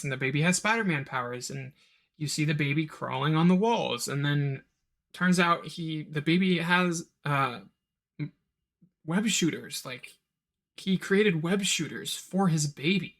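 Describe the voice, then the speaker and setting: A man hosting a solo podcast and reviewing a film, rambling with asides and mimicking characters' lines. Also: fairly bright tone. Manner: rambling, quick asides, mock-quotes characters in a higher voice. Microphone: home recording of a live stream.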